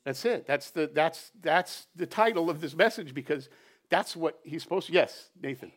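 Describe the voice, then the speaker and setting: A man preaching a conversational sermon at a church service, animated and chatty, often checking in with "right?". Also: fairly high pitch, normal speed. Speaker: pastor.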